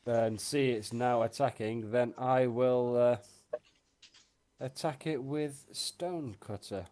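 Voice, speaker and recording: Guy player talking thru his turn, kinda hesitant, normal pitch. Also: takes it slowly, darkish tone. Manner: hesitant, thinking aloud with fillers. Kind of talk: tabletop game play.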